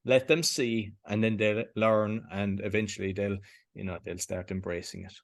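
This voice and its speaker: A man hosting a podcast interview, talking in a relaxed, thoughtful, musing way. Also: lowish voice, moderate pace. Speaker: podcast host. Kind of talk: casual interview conversation.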